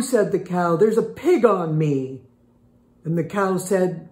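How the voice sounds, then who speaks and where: A woman's voice: fairly low pitch, lively intonation, mellow, echoey room. An older woman, a former teacher, reading a rhyming picture book aloud and explaining phonics sounds to young children in a patient way. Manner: slow, patient storybook reading with animal sounds.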